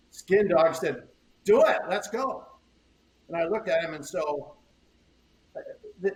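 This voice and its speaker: A man's voice: fairly high pitch, a little hiss or hum. Older man rambling in a roomy space. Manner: rambling, repeats words, acts out quoted exchanges. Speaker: surfboard shaper, podcast guest. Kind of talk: casual interview storytelling. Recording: roomy echo, faint ambience.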